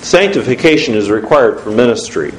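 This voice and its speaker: A man preaching a sermon as pastor, putting questions to his congregation in an emphatic, lively way. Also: mid-range voice, fairly quick, slight background noise. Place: church sanctuary. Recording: roomy church echo.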